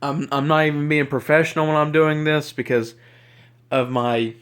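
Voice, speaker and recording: A man's voice: a little high, level tone, moderate pace, a bit bright, smooth. Agitated, rambling Southern man ranting. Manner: rambling, stammering with repeated words. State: upset and agitated. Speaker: YouTuber. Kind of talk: ranting to camera. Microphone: handheld camera mic.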